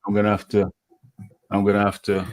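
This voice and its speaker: A man's voice: on the low side, monotone, a little fast, a loud crowd. A man hosting a live boxing chat show, talking casually and repeating his phrases. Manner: repeats phrases, laughs easily. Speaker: podcast host.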